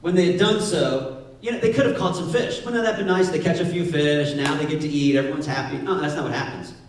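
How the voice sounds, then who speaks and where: A male pastor preaching a sermon in a playful, lively way, often acting out voices. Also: a little high, fast talker, a little hiss or hum. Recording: echoey hall, distant mic.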